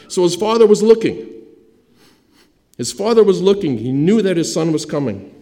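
A male pastor delivers a sermon as dramatic storytelling, rising to loud emphasis and then dropping almost to a hush. His voice is warm and mellow. A long reverb trails each phrase through the church hall. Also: on the high side, animated, moderate pace.

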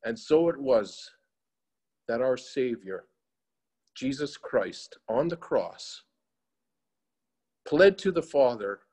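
Male reader doing a grave, gentle professor; slow, solemn, mid-range voice. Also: medium pitch, expressive, breathy edge. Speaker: teacher.

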